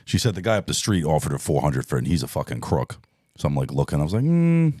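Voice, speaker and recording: A young man co-hosting a comedy podcast, chatting loosely with lots of swearing and quick put-on voices in his stories. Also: rumbling low, expressive, darkish tone, slightly rough, dry recording. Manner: loose, profane, puts on voices in anecdotes. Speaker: podcast co-host. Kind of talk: casual comedic chat.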